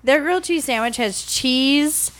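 A woman with a fairly high voice chats on a podcast in a loose, giggly way. She tells her stories with an animated bounce and laughs often. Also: measured pace. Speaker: podcast guest. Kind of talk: casual drinking-show banter.

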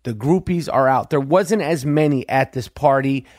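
A man hosting a podcast, telling a profane story in an animated way and acting out quotes. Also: medium pitch, moderate pace, no room sound, clean studio sound. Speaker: podcast host.

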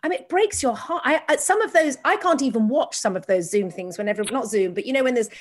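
A middle-aged woman hosting a podcast, chatting casually and telling animated, gushing stories. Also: on the high side, fast. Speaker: podcast host. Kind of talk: casual chat.

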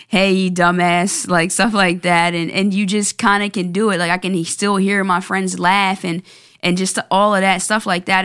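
Young woman podcast host, low smooth voice, earnest and reflective, halting with restarts. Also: fairly bright tone, no echo, clean studio sound. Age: 20s. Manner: earnest, halting, with many restarts and repeated words. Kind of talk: reflective solo podcast talk.

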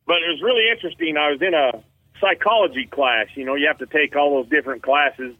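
A man's voice: on the high side, fast talker, no echo. A man in his fifties from Utah, a champion elk caller and radio guest, telling rambling folksy stories over the phone. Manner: folksy, rambling anecdotes with quoted voices. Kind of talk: casual storytelling on a radio show. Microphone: phone call. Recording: tinny phone line.

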